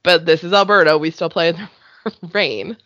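A Canadian woman in her thirties co-hosting a podcast, telling stories in a casual, animated way with frequent laughter, sounding congested from allergies. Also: on the low side, normal speed, dry recording, muffled recording. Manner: animated storytelling, laughs often. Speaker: podcast co-host. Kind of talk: casual chat.

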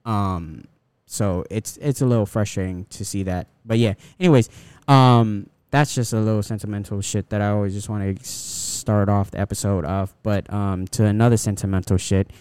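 A man's voice: fairly low pitch, steady tone, moderate pace, darkish tone, smooth, dry recording. A young man co-hosting a casual podcast, talking in a rambling, profane way with many restarts. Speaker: podcast co-host.

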